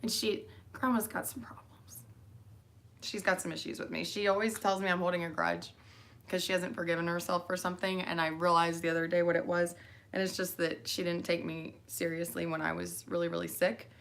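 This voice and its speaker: A woman's voice: fairly low pitch, level tone, fairly quick, creaky, a bit bright. A tired young woman talking straight to her daughter in a rambling monologue, full of fillers and restarts. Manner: meandering, with fillers and mid-sentence restarts. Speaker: mother speaking to her daughter.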